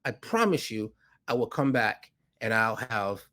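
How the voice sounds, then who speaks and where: A man, a podcast guest who is a financier, telling a story with animated delivery and acting out voices in it. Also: unhurried. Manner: acts out dialogue with rising pitch, laughs often.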